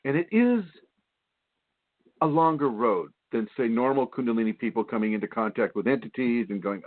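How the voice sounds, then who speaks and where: A man's voice: mid-range voice, animated, normal speed, no room sound. A man hosting a spiritual radio show, talking in a rambling, repetitive, preachy way with many fillers. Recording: tinny phone line, dry.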